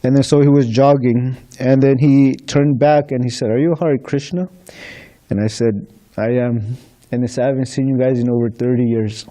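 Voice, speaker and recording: A man's voice: mid-range voice, little pitch movement, a little fast, dark tone. A man telling anecdotes to a congregation about handing out books, acting out the conversations and chuckling between stories. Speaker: book distributor sharing experiences. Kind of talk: casual anecdotal storytelling to a congregation.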